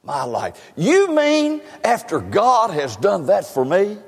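Emphatic high-voiced preacher. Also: male voice, wildly swooping pitch, slow, vocal fry, slightly rough. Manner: emphatic, repeats "listen" and stammers into phrases. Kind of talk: sermon, telling personal testimony. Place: church sanctuary. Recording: long hall reverb.

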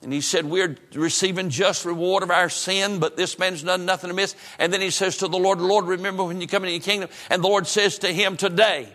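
A man preaching a sermon with fervent repetition, dropping to a hush on solemn lines. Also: high voice, steady tone, fairly quick, few pauses. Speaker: pastor. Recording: preaching in a reverberant church hall.

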